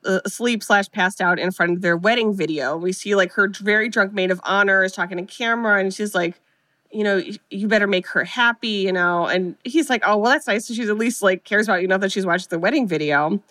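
A woman's voice: medium pitch, fairly quick, sharp tone, no room sound. Chatty woman recapping a film, dry sound. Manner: chatty, sarcastic, acts out characters' lines. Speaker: podcast co-host recapping a film. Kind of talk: casual chat.

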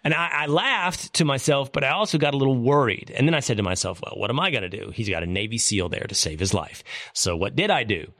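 A middle-aged man hosts a talk show and tells a story in an animated, joking manner. His voice sits at an ordinary pitch for a man. The recording is dry, with no room sound. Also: fast, hardly any pauses, dry recording. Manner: animated, jokey storytelling with impressions. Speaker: podcast host. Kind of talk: storytelling monologue.

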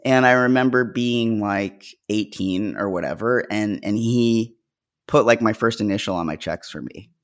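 A trans podcast co-host talking casually, hesitant and stammery with lots of fillers. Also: male voice, fairly low pitch, normal speed. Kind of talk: casual chat and monologue.

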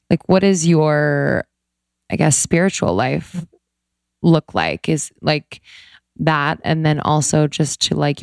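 A woman's voice: deep voice, gravelly, no echo, clean studio sound. A woman hosting a podcast who asks searching, rambling questions full of "like". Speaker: podcast host. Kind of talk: casual interview.

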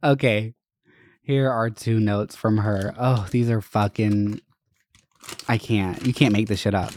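A man's voice: fairly low pitch, steady tone, unhurried, darkish tone, slight background noise. A young adult man hosting a podcast, telling stories in a casual, candid and profane way, with lots of fillers. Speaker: podcast host. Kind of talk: casual storytelling monologue.

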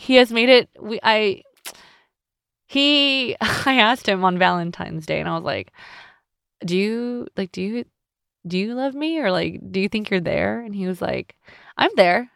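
A woman's voice: on the low side, vocal fry, clear, resonant tone, no echo, studio quality. A young adult woman hosting a personal podcast, talking candidly and a little emotionally, often restarting her sentences. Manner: candid and tender, with frequent restarts. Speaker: podcast host. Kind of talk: personal reflective podcast talk.

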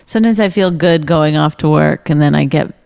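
A woman's voice: deep voice, fairly quick, gravelly, darkish tone. A woman co-hosting a podcast, chatting casually with teasing, dry humor. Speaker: podcast co-host. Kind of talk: casual chat.

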